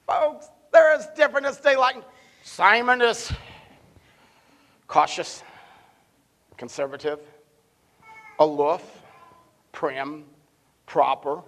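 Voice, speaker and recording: A male pastor delivers a sermon in a church sanctuary. His voice sits high for a man, and he leans hard on key words before dropping to a near-hush. He often repeats a word as he builds toward his point. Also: steady tone, slow, long pauses, big-room sound. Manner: emphatic, swings between loud and hushed.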